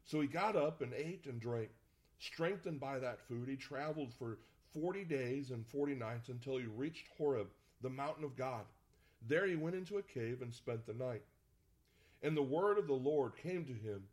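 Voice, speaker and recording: A man preaching a sermon as pastor, reading scripture aloud and talking to the congregation in a conversational, playful way. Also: medium pitch.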